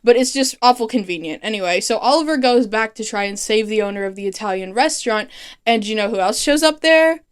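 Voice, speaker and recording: A young woman with a higher-pitched voice recaps a show in a casual, excitable way. She swears freely and laughs as she talks. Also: fairly quick, smooth. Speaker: recap vlogger. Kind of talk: casual plot recap with comic voiced quotes.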